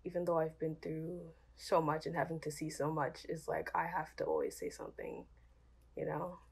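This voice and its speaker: A woman's voice: deep voice, level tone, normal speed, creaky, husky. A woman artist speaking wearily and reflectively in a documentary interview. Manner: weary, reflective. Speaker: Black artist, student interviewee.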